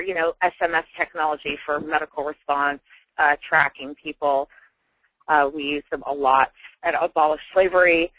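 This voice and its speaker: Bright, eager woman on a webinar. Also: lowish voice, no echo, poor audio. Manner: enthusiastic, halting, searches for words. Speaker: webinar guest speaker. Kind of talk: conversational webinar talk.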